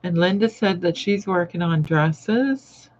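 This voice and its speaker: Woman, sewing host, slow easygoing talk, muffled live-stream sound. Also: fairly low pitch, a little mellow. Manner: chatty, rambling, greets viewers by name. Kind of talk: casual live-stream chat while sewing. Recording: dull lo-fi live-stream audio.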